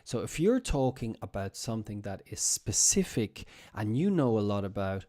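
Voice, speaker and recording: A man teaching English on a live stream in a chatty way, repeating example phrases slowly for his students. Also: fairly low pitch, big pitch swings, warm tone.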